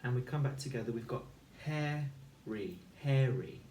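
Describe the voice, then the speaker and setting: Slow, clear-speaking man teaching phonics. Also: medium pitch, lively intonation, a little mellow, a little hiss or hum. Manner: slow, clear, sounds out letters and words. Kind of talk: recorded phonics lesson for children. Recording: echoey room, voice a little far from the mic.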